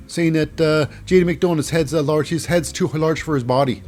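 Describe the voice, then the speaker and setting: A man's voice: on the high side, measured pace, a little mellow, soft background music. Rambling male recap host. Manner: rambling, many fillers. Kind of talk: casual wrestling recap.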